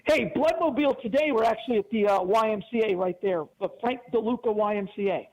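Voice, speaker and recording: A man's voice: high-pitched, quick pace, darkish tone, slight background noise, low-quality recording. A man in his fifties, a regular guest on a radio show, chatting in an agreeable way and laughing easily. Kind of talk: casual radio chat.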